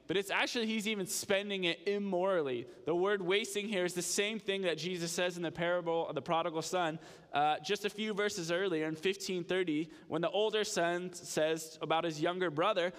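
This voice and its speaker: A man's voice: sits high, normal speed, fairly bright tone. Young-sounding man preaching in an echoing hall. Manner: conversational, explanatory preaching with small restarts. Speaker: pastor. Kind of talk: sermon.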